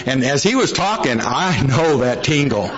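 A man's voice: mid-range voice, lively intonation, normal speed, fairly bright tone. A middle-aged man telling a humorous recovery story to an audience in a folksy, jokey, plain-spoken way. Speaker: speaker sharing a recovery story. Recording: dull lo-fi recording.

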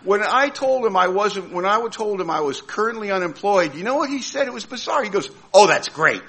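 A man's voice: high voice, animated, fairly quick, creaky, a bit bright. A man telling a humorous story about his own recovery, acting out the voices of other people with comic timing. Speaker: recovering alcoholic sharing his story at a meeting. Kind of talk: humorous personal recovery talk.

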